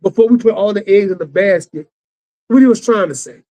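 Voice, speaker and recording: Friendly, hesitant high-voiced man. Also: fairly quick, dark tone, low-quality recording. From Texas. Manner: friendly, hesitant, stumbles over words. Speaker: guest co-host. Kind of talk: casual chat.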